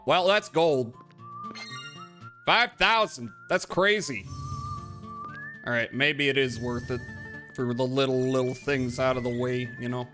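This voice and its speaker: A man's voice: medium pitch, bright, forceful tone. A man live-streaming a game, chatting casually with his viewers in a rambling, profane way. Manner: rambling and profane, talks to chat.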